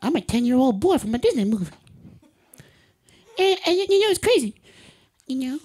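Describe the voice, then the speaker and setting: A man doing stand-up in a put-on soft, timid little boy voice like a cuddly cartoon bear, meek and stammering, on a comedy club stage. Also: very high voice, big pitch swings, normal speed, breathy edge, pitched above the performer's own voice, exaggerated voice. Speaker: stand-up comic. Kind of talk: stand-up set in a character voice.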